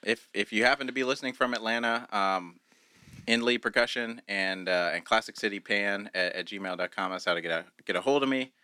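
A percussionist guest on a casual podcast, talking hesitantly with fillers. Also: male voice, on the low side, fairly quick, sharp tone, clean tone, dry recording.

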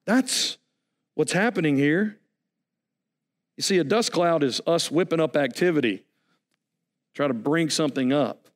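A pastor, preaching in a high, light voice. He is animated and folksy, and he breaks into jokes and asides to the congregation between his points. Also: unhurried, pauses often. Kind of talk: sermon.

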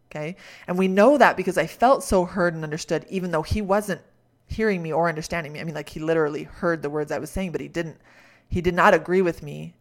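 A middle-aged woman hosting a podcast, telling a candid personal story and drawing coaching lessons from it, reflective and often laughing at herself. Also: low-pitched. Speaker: podcast host.

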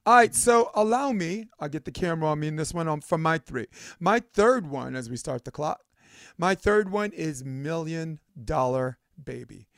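A man hosting a casual podcast, an animated storyteller who acts out quotes. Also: on the high side, moderate pace, creaky, no room sound, studio quality. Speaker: podcast host.

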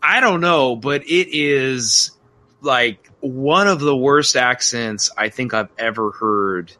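An enthusiastic man chatting about a film, tossing in quick asides as he talks. His voice is bright and forward, at an average pitch. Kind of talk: casual film review chat.

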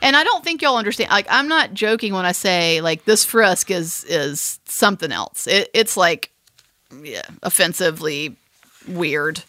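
Animated woman telling a story. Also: fairly low pitch, a little slow, no room sound, studio quality. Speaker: podcast co-host. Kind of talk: casual chat.

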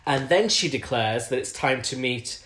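A man's voice: mid-range voice, expressive, normal speed, fairly bright tone. A man co-hosting a casual podcast chat, teasing and laughing often. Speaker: podcast co-host. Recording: roomy echo.

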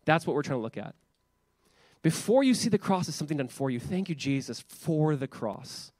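A man in his thirties, a pastor, preaches casually with a voice on the high side, a little mellow, lively in intonation, at a moderate pace. He keeps repeating words and using filler "like"s, and the studio-quality audio has no echo.

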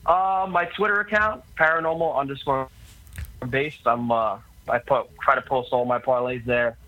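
A man with a New York accent calling in as a podcast guest, talking in halting, restarting sentences. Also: medium pitch, no room sound, highs cut off. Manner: halting, laughing easily. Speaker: phone-in guest. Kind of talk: casual chat.

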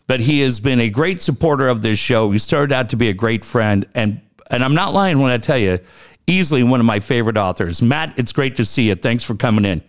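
A middle-aged man hosting a radio-style talk show, telling a story in a casual, animated way. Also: fairly quick. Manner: animated storytelling, lively swings in pitch.

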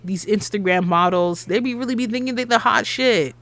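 Blunt, animated woman swearing in casual chat. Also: medium pitch, brisk. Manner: blunt, animated storytelling with slang and profanity.

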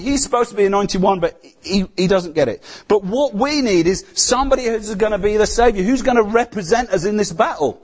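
A man preaching a sermon, his voice sitting a little higher than most men's. He talks to the congregation as if chatting, often tagging on questions like "isn't it?" to draw them in. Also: a little fast. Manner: conversational, rhetorical questions to the congregation.

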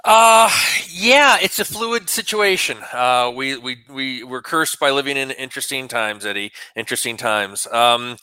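A man's voice: mid-range voice, lively intonation, unhurried, hardly any pauses, bright, forceful tone, clean tone, dry recording, poor audio. A middle-aged man co-hosting a talk radio show, musing in a rambling, reflective way. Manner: rambling, reflective, with many restarts. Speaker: radio co-host. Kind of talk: conversational political commentary.

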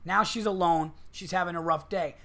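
Podcast host, male, a bit high, bright and forceful tone, swears freely, acts out quotes. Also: fairly even intonation, normal speed, vocal fry. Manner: profane, rambling storytelling with acted-out quotes. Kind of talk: casual podcast chat.

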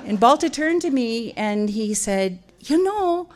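Animated Midwestern woman telling a comic story. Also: unhurried. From Wisconsin, USA. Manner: animated, self-mocking, jumps into loud high quoted voices.

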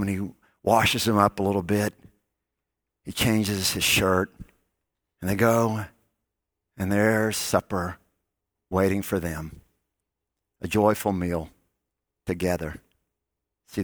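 Male pastor mid-sermon, storytelling, close dry sound, sinks low and quiet to make points. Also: dry recording. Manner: storytelling, drops to soft low tones on key lines.

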